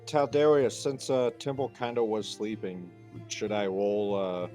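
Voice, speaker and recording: A man's voice: lowish voice, steady tone, measured pace, warm tone, faint music behind. Playful man at a tabletop game. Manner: playful, laughs often. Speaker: player. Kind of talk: casual tabletop game chat.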